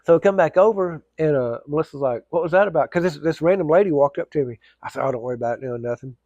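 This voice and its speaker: A man's voice: a little high, fast, mellow, no echo, highs cut off. A man telling a casual, rambling story, full of fillers and restarts.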